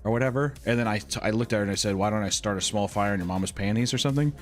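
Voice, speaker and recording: A man's voice: lowish voice, very fast, soft background music. Teasing young man co-hosting. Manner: teasing, laughing, blunt. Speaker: podcast co-host. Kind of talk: casual chat.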